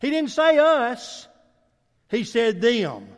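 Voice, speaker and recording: A male preacher with a high, lively voice delivers a sermon, climbing into loud, emphatic declarations and sinking into low, intense stretches. His voice rings with a long reverb from a church hall. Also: takes it slowly.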